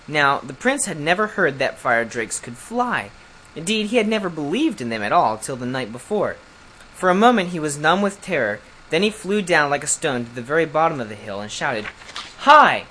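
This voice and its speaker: A reader narrates a fairy tale in a lively, expressive voice. The pitch moves a lot to colour the story, and a faint hiss sits under the recording. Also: brisk, rough recording. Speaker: audiobook reader.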